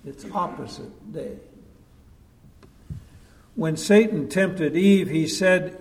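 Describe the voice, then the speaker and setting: Slow-preaching man in an echoey hall. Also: on the high side. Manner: measured, emphatic, drops to a hush at key points. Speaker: pastor. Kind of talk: sermon. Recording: long echo of a large hall.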